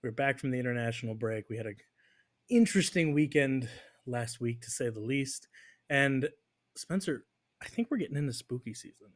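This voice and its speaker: American man, podcast host, casual chat, playful teasing, mid-pitched voice. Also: lively intonation, normal speed. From United States.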